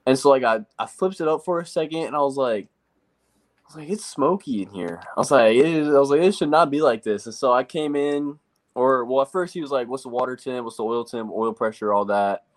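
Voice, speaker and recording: Speaking fairly quickly at a medium pitch, a young man guesting as a race truck driver recounts his story in an offhand, wandering way. He keeps quoting himself, leaning heavily on "like."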